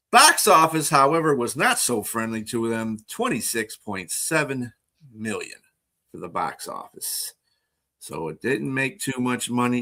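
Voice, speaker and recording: A man co-hosting a casual podcast, reading out film facts in a halting way with many filler sounds. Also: mid-range voice, pushed and bright. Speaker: podcast co-host.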